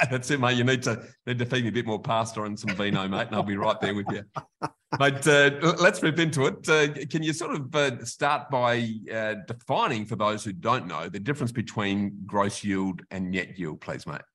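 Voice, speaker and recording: Australian male host, lowish voice, friendly matey chat. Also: normal speed, a bit bright. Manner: friendly, matey, laughs easily. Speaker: podcast host. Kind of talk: casual chat.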